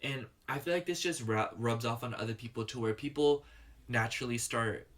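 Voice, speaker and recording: A man's voice: medium pitch, a little fast. Chatty man doing a tarot reading. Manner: chatty, rambling, fillers like "you know"; murmurs softly while shuffling and pulling cards. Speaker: tarot reader. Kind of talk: casual pick-a-card tarot reading.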